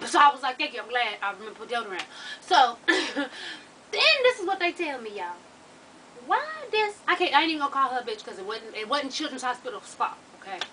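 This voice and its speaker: A woman with a high, bright voice tells her viewers a personal story. She speaks in an animated, profane, slang-heavy way and talks straight to her audience. The mic sits some distance away, with a faint hum of background noise. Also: quick pace. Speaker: vlogger telling a personal story.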